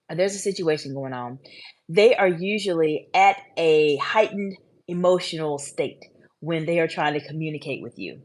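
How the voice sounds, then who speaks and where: A woman in her forties who coaches women leaders, giving advice to the camera in a measured, emphatic, repetitive way. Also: lowish voice. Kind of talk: advice video talking to the camera.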